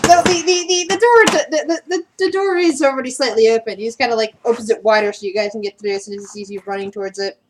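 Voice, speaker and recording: High-voiced woman narrating a tabletop game. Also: fast talker, few pauses, a little hiss or hum. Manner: stammering restarts, giggly. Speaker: game master.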